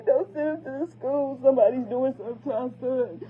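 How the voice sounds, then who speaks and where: High-voiced woman, upset and pleading, repeats herself, sounds like a phone line. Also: a little fast, few pauses, breathy edge. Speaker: parent. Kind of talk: emotional phone vlog. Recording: tinny phone-quality recording.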